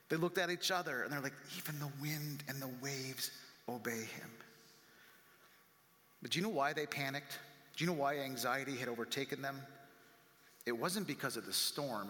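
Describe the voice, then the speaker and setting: A male pastor preaching a conversational sermon, acting out the voices of critics and climbing higher and louder as he gets animated. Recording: long reverb from a large room.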